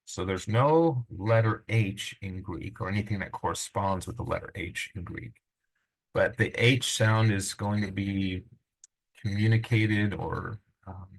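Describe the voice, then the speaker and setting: A man teaching a recorded lesson on Greek pronunciation, informal and patient, sounding out words slowly. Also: deep voice, vocal fry, fairly bright tone, rough recording.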